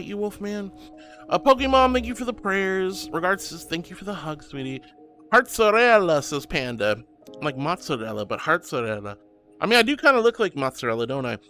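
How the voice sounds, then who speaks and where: A man with a high, bouncy voice, hosting a casual livestream and reading chat aloud. His tone is bright and clear, gushing and affectionate toward each viewer. Soft music plays faintly behind him. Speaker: streamer.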